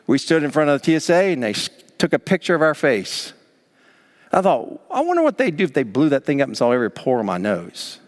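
A man preaching a sermon as pastor, emphatic and animated, acting out parents scolding their children. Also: on the high side, in a large hall. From Southern United States.

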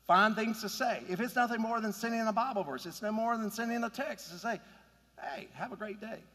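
A man's voice: sits high, fairly quick, bright, forceful tone, big-room sound. A man preaching a sermon in an earnest, conversational way, building to emphatic points. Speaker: pastor.

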